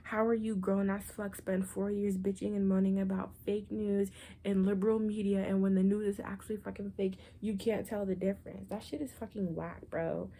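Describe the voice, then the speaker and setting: A woman's voice: medium pitch, flat delivery, moderate pace, mellow. A woman ranting to camera in a blunt, profane, sarcastic way, full of exasperation. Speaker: vlogger. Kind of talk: political rant to camera.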